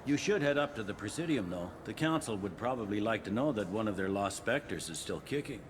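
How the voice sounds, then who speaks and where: An actor playing a blunt, pragmatic male police captain in a video game, talking in a gruff, matter-of-fact way. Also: on the low side, lively intonation, brisk, a little hiss or hum, lightly acted.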